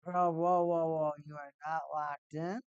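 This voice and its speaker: A man's voice: on the high side, little pitch movement, a little slow, clear, resonant tone, no echo, lo-fi sound. A man hosting a live-stream hockey watch party, chatting casually in a rambling, laid-back way and often repeating himself. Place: at home, in a cold room.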